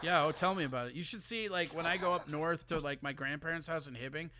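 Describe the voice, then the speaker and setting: A man from Minnesota hosts a casual live call-in show. His voice is bright and forceful and sits a little high, and he rambles and swears freely as he rants. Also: quick pace. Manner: rambling, profane, ranting.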